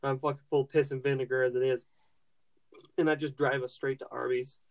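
A man's voice: medium pitch, level tone, brisk. A young man hosting a podcast, telling a rambling, swear-heavy story with lots of restarts and fillers. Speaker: podcast host. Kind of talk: casual profane storytelling.

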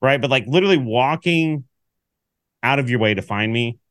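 A man co-hosting a casual sports podcast, telling a story with lively acted-out quotes. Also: mid-range voice, moderate pace, no echo, clean studio sound. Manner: animated storyteller, acts out quotes. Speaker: podcast co-host.

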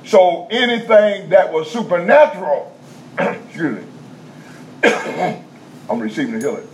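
A man preaching a teaching sermon in a conversational style, checking in with the congregation and repeating key points slowly in vernacular speech. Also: high voice, very animated. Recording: dull lo-fi sound with faint background noise.

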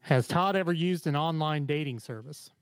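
A man's voice: fairly high pitch, moderate pace, clean tone, dry recording. A man hosting a quiz on a podcast, easygoing and stop-start. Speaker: quiz host. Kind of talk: casual chat.

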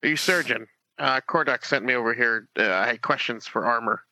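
A man's voice: mid-range voice, a little fast, bright, forceful tone, dry recording, rough recording. A man as a player in a tabletop game, speaking politely and earnestly in character. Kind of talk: tabletop role-play.

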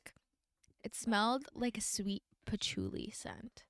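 Creaky-voiced young woman chatting casually. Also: fairly high pitch, fairly even intonation, a little slow, no room sound, clean studio sound. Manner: chatty, upbeat, lots of "like". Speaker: podcast co-host. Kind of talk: casual chat. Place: friend's bedroom.

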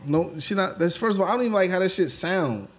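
High-pitched guy, loud and animated, laughing a lot, casual banter. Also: fast, breathy edge. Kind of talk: casual chat.

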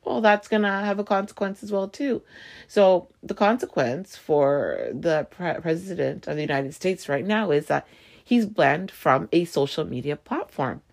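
A woman's voice: fairly low pitch, expressive, measured pace, vocal fry, a little mellow. A woman hosting her own podcast, rambling animatedly with laughing asides. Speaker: podcast host. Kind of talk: casual solo podcast monologue.

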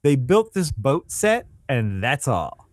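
A man's voice: mid-range voice, very animated, slow pace, no echo, clean studio sound. A man co-hosting a casual podcast chat, rambling and searching for words with lots of fillers. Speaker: podcast co-host. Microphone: home microphone on a call.

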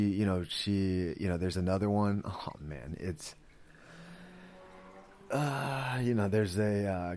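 A man's voice: low-pitched, darkish tone. A man hosting a podcast, talking casually and earnestly, rambling with lots of fillers and restarts and getting emotional. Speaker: podcast host. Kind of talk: casual spoken commentary.

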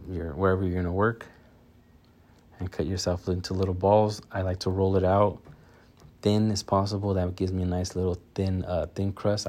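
A man's voice: low voice, warm tone. A man hosting his own podcast, chatting loosely on his own with lots of fillers and restarts. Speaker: podcast host. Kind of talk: casual solo podcast chat.

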